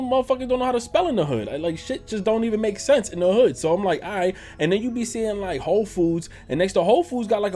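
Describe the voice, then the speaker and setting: A man telling a story on his vlog in an animated, profane, slangy way. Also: on the high side. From New York. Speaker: YouTuber.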